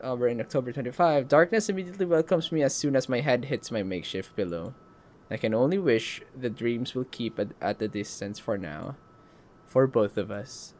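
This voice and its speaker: A man's voice: medium pitch, a little fast, a little mellow. A man hosting a let's play, reading a story game aloud and breaking off for joking comments.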